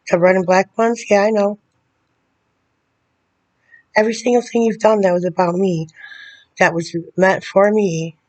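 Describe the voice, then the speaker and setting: A woman speaking straight to the camera in a video letter, bitter and confrontational, often halting and restarting her sentences. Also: medium pitch, darkish tone. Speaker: vlogger addressing a public figure.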